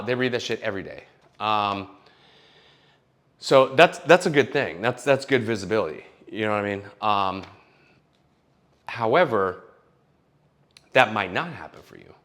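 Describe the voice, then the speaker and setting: A young man, a screenwriter in Los Angeles, giving blunt, casual advice in an animated way, swearing often and restarting his sentences. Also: lowish voice.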